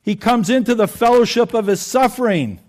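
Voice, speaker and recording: A man's voice: very high-pitched, expressive, moderate pace, darkish tone. A man preaching a sermon in a conversational way, asking his congregation questions. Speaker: pastor.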